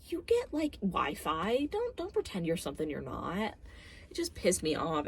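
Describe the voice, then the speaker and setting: A woman's voice: lowish voice, huge pitch swings, normal speed, vocal fry, breathy edge. A young woman in a casual movie review rant, exasperated and full of "like"s, swearing as she vents to the camera. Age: young adult. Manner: exasperated, filler-heavy with many "like"s, swears. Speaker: film reviewer.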